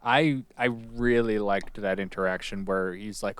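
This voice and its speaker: A man hosting a podcast in casual chat, relaxed and chuckling as he retells scenes. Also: on the low side, normal speed, few pauses, smooth, dry recording. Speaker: podcast host.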